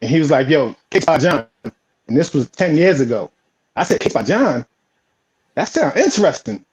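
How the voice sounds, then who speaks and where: A man's voice: fairly high pitch, a little mellow. A man with a New York accent, a home baker and guest, telling his story casually and stammering a bit at the start of phrases. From Philadelphia, raised on Staten Island. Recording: dull lo-fi audio.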